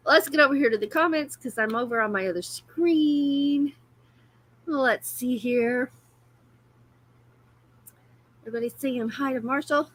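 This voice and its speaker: A woman's voice: a little high, fairly bright tone. A woman hosting a casual livestream, chatty and often breaking into laughter. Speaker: livestream host.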